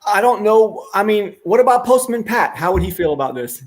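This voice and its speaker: Man, stream host, crude jokes, fairly high voice, casual banter. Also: sing-song, a little fast. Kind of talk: casual chat.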